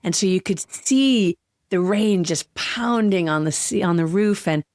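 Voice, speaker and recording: A woman hosting a solo podcast, talking in a heartfelt, earnest way and slowing down on emotional words. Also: fairly low pitch, a little mellow, dry recording. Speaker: podcast host.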